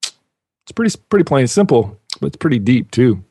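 A man's voice: medium pitch, very animated, normal speed, mellow, breathy edge, no room sound, clean studio sound. Laid-back rambling male podcast host. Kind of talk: casual chat.

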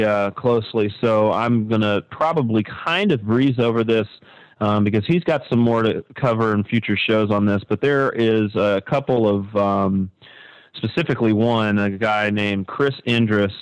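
A man co-hosting a casual talk show, animated and sarcastic, his voice leaping high when he mocks something. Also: clear, resonant tone, no room sound, poor audio. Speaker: podcast co-host.

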